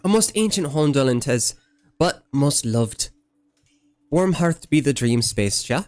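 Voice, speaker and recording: A man's voice: medium pitch, lively intonation, measured pace, dry recording, pitched above the performer's own voice, natural voice. A man voicing a whimsical, quaint woman from an ancient forest home, speaking in old-fashioned, broken, poetic phrases with a sing-song lilt. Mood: dreamy, tender.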